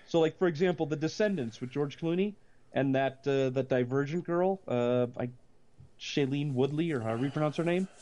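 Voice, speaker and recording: A man, possibly middle-aged, co-hosting a casual movie chat, rambling with many restarts and breaking into animated rants. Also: a little high, a little fast, a little hiss or hum. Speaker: podcast co-host.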